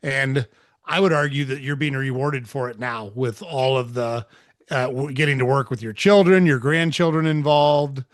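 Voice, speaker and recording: Man, podcast host, mid-pitched voice, dry close sound, upbeat. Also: steady tone, dry recording. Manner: upbeat, quick wrap-up with fillers. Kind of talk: podcast interview.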